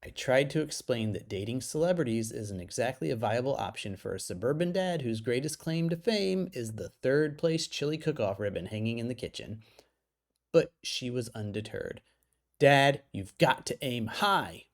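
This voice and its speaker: A man's voice: medium pitch, lively intonation, moderate pace, creaky, a little mellow. A man reading his own humorous article aloud, playful and self-mocking, breaking off for casual side remarks.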